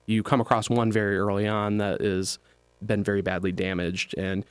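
Young man, low voice, dry close sound, hesitant, long explanations. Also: flat delivery, moderate pace, clear, resonant tone, no room sound. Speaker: podcast co-host. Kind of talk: casual chat.

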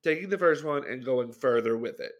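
A man's voice: mid-range voice, expressive, a little fast, muffled recording. A young adult man co-hosting a podcast, chatting casually about films, hedging and second-guessing himself with many restarts. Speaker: podcast co-host. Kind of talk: casual film chat.

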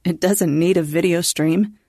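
A woman's voice: on the low side, fairly even intonation, unhurried, warm tone, no echo, studio quality. A woman voicing a dismissive male technician in an offhand, unconcerned way.

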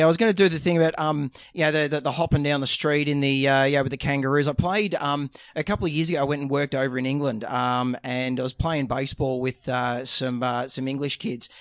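A man's voice: a little high, no echo, studio quality. A man with an Australian accent, a veterinarian guest who jokes through a scripted intro and rambles playfully in casual chat. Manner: playful banter, rambling with fillers.

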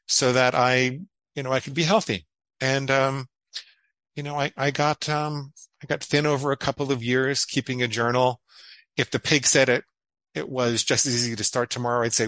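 A middle-aged man, a psychologist guest on an interview podcast, telling his story in an animated way and acting out quoted inner dialogue. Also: mid-range voice, normal speed, no room sound, poor audio.

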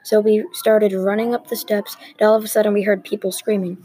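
A woman reading a story aloud at an even, unhurried pace, with small restarts. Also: mid-range voice, slightly rough, poor audio. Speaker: story reader.

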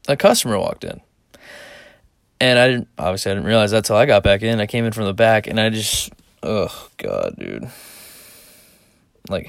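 A man's voice: lowish voice, no room sound, clean studio sound. A young man telling crude, self-deprecating stories in a casual solo podcast, rambling and laughing. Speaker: solo podcaster and store clerk.

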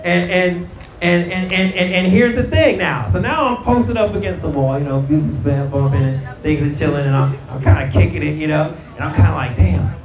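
A man's voice: fairly high pitch, a little fast, dull audio. A middle-aged male pastor from Brooklyn preaching to a live congregation in a loose, slangy storytelling way, stumbling over repeated words and calling out to the audience. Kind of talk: conversational sermon. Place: church hall with live audience. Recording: roomy, from a distance, crowd audible.

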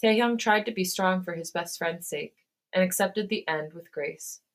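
A woman podcast host reading a fan fiction story aloud in a steady storytelling manner. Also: lowish voice, moderate pace.

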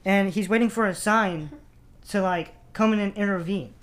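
A young man co-hosting a casual debate podcast, explaining his view in a measured way. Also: high-pitched, fairly bright tone.

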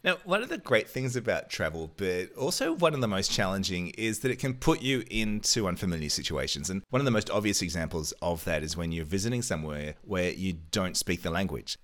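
Low-voiced man, lively wry co-host. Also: a little fast, hardly any pauses. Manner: wry, teasing, laughs at himself. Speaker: podcast co-host. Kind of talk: casual chat.

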